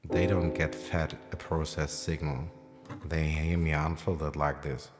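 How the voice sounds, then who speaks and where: A man with an extremely deep, low voice gives a relaxed livestream piano lesson from home late at night, wandering through his thoughts with plenty of fillers. His voice rings with a long reverb, and a piano plays clearly behind him. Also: unhurried. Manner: rambling, thinking aloud with many fillers; self-described as loud when excited. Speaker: piano teacher streaming live. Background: piano playing.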